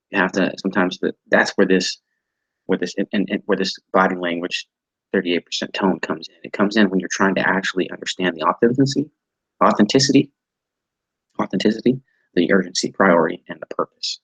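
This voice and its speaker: A man teaching an online training class over a video call, halting and often repeating words as he restarts his sentences. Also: sits low, vocal fry, fairly bright tone, husky, dry recording, poor audio. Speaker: instructor.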